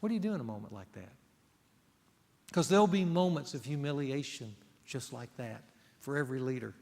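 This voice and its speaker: A male pastor preaching an earnest, emphatic sermon that moves between loud stresses and hushed asides. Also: mid-range voice, animated, fairly quick, gravelly. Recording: long reverb of a church hall.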